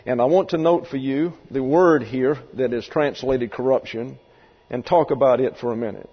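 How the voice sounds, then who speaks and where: A man teaching a Bible lesson, halting and full of folksy asides and restarts, recorded in a reverberant hall. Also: mid-range voice, husky, muffled recording.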